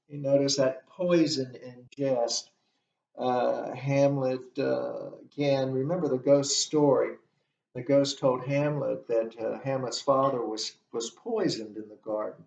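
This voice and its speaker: A male literature instructor giving a lecture, explaining a play at a deliberate pace and walking through the text line by line. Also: medium pitch, gravelly. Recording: dull, distant, roomy recording.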